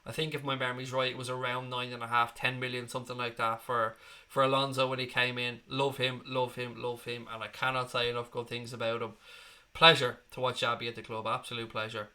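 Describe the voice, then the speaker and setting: Bright-voiced Irish man in his thirties. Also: mid-range voice, flat delivery, fairly quick. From Ireland. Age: 30s. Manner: chatty, blunt, swears freely. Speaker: fan channel host. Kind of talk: casual live-stream chat reading comments.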